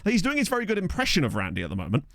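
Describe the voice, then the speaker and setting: A man's voice: sits high, wildly swooping pitch, very fast, creaky, no room sound. A young man streaming a football management game, chatting and joking as he reacts to the play on a studio microphone. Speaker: gaming streamer. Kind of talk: live football game commentary. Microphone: studio USB microphone.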